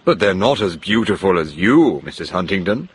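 A man playing an insistent gentleman suitor who pleads slowly and earnestly. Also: lowish voice, very animated, slight background noise. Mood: pleading.

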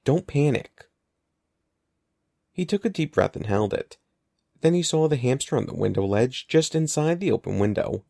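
A man narrating an audiobook in an expressive, lively storytelling manner. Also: medium pitch, brisk, creaky, no echo, studio quality. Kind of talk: scripted narration.

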